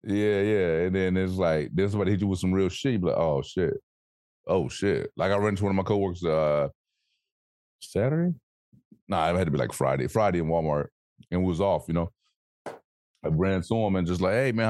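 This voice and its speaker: A man co-hosting a podcast in casual chat, animated and swearing freely, acting out voices as he tells stories. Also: deep voice, brisk, no echo, clean studio sound. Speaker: podcast co-host.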